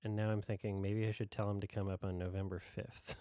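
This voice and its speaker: A man hosting a watch-along stream, talking in a relaxed, offhand, casual way. His voice is smooth and clear, recorded close and dry with no room sound. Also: fairly low pitch, fast, no room sound. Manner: relaxed, offhand, with laughs and fillers. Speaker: host of a movie watch-along. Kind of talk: casual chat.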